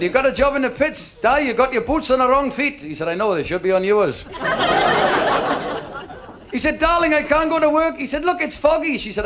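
High, animated male stand-up comic. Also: slight background noise. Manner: storytelling with acted dialogue. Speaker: stand-up comedian. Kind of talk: stand-up joke telling.

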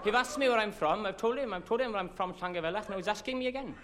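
A man's voice: high voice, rapid-fire, crowd noise, pitched above the performer's own voice, close to an everyday voice. A man doing an exasperated Welsh local. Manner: indignant, exasperated. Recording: loud noisy recording.

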